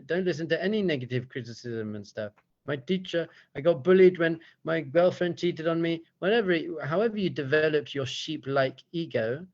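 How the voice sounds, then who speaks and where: Animated rabbi telling a story. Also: male voice, a little high, muffled recording. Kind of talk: teaching talk with storytelling.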